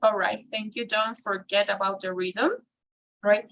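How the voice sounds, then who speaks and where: A woman's voice: medium pitch, steady tone, unhurried, fairly bright tone, highs cut off. A woman teaches an English grammar class. She keeps checking in with a questioning "right?" and sometimes switches into to explain. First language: Spanish. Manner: mixes in Spanish, ends phrases with "right?".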